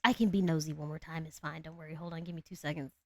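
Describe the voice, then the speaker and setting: A woman with a low alto voice chatting casually with her live-stream viewers, giggling often. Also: fairly even intonation, rapid-fire, no echo. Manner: chatty, giggly, talks to chat and her cat.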